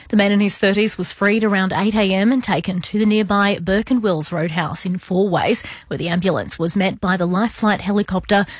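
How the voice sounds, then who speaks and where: A woman reads local radio news in a steady, measured delivery. Her voice sits at a middle pitch and is recorded close and dry, with no room around it. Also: no room sound.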